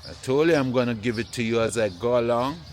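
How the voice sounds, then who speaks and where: A man, vlogging casually while walking through an open-air plant nursery with a handheld phone, relaxed and repeating "yeah, man" often. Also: mid-range voice, quick pace, slight background noise. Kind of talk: casual walking vlog to camera.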